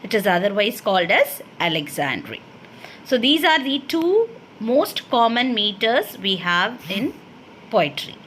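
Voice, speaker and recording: A woman lecturer with an Indian English accent and a fairly high voice explains terms in a steady classroom manner. She poses questions and answers them herself. A faint hiss sits under the recording. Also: measured pace.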